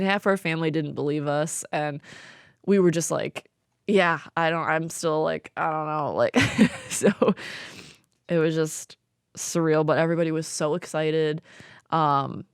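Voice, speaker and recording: A young woman chatting casually as a podcast co-host, her voice sitting a little low. She talks in a loose, rambling way, full of fillers and quick laughs. The sound is close and dry, with little room around it. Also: clean tone, no room sound. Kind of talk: casual chat.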